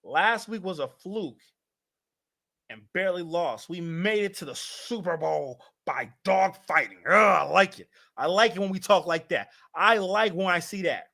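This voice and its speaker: A young man hosting a sports fan livestream, animated and hyped, talking straight to his chat. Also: high-pitched, a little slow, vocal fry, dry recording, studio quality. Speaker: fan show host.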